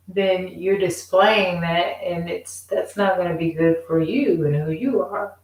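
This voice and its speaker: A woman's voice: on the low side, steady tone, a little slow, few pauses, darkish tone, reverberant, recorded from a distance, poor audio. A woman in a casual, rambling monologue, emphatic and repeating herself as she vents. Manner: rambling, emphatic, repeats "you know what I'm saying". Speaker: vlogger.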